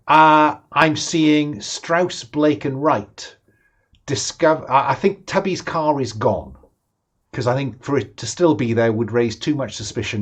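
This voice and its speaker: A man narrating as game master, measured and full of pauses and restarts. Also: medium pitch, breathy edge.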